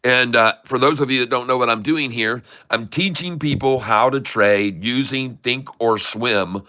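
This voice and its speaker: A man's voice: medium pitch, measured pace, sharp tone. A man hosting a day-trading channel, chatting casually through a live trading walkthrough and pointing things out on screen.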